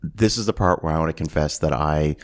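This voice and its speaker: Deep voice guy in his 30s recapping a movie, super animated, does all the character voices. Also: brisk. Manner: animated retelling, acts out lines in voices. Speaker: podcast host. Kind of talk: casual movie recap chat.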